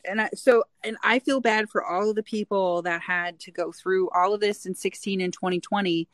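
A woman's voice: medium pitch, steady tone, normal speed, no room sound. A woman in her forties from Nevada, a guest in a casual chat, who talks freely and acts out the voices in her stories. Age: 40s. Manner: chatty, acts out quoted dialogue.

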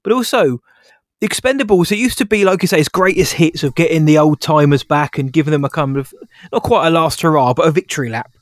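A man co-hosting a casual film review podcast, animated and sarcastic, laughing as he talks. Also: fairly high pitch, a little fast, no room sound, studio quality.

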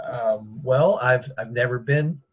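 A man's voice: medium pitch, slow, close to an everyday voice. A man playing a flustered group therapist, patient and given to chuckling. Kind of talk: improvised comedy role-play. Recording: dull lo-fi mic with clear hiss.

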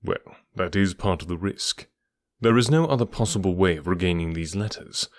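Man doing a calm detective, deep, quiet, measured, dryly assured, audiobook. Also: no room sound, lightly acted. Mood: reasoning calmly. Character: calm, cool-headed male detective, middle-aged. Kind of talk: audiobook character reading.

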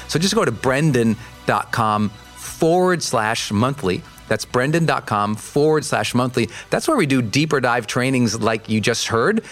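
Upbeat man hosting a podcast outro. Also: fairly bright tone. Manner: upbeat, eager pitch. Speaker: podcast host.

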